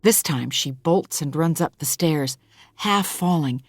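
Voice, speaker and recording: A woman narrating a novel in the first person in a measured, expressive way. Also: deep voice, no room sound, studio quality. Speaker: audiobook narrator.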